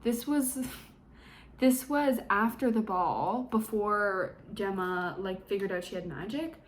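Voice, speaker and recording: A woman's voice: mid-range voice, slow pace, slight background noise. A young woman recapping a book for a vlog in a chatty, sarcastic way, full of fillers. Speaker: book reviewer.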